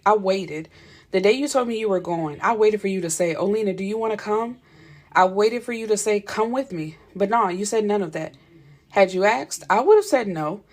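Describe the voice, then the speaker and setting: A woman's voice: mid-range voice, a little mellow, natural voice. A woman voicing an angry young woman who confronts her boyfriend, blunt and cursing.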